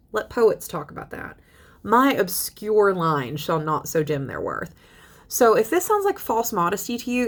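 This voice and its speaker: A young woman teaching a literature lesson in a chatty, lively way, reading poems aloud and paraphrasing them. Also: lowish voice. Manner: chatty, animated paraphrasing with laughs. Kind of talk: casual lecture with poem readings.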